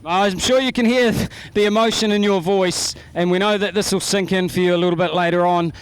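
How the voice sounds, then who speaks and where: A man's voice: sits high, steady tone, brisk, smooth. A man with a New Zealand accent interviewing drivers trackside after a race, upbeat and chatty. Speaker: pit interviewer. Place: outdoors at a speedway.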